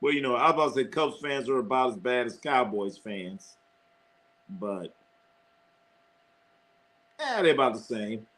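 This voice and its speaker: A man's voice: mid-range voice, animated, measured pace, long pauses, a bit bright. A middle-aged man hosting a live sports stream, rambling and cursing, repeating phrases and laughing often as he reads chat.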